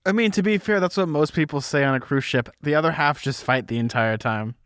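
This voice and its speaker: A man's voice: fairly high pitch, fairly quick, fairly bright tone, clean tone, no echo, studio quality. A young man co-hosting a podcast, chatting casually and playfully about a book. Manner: playful, jokey asides. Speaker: podcast co-host. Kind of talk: casual book discussion chat.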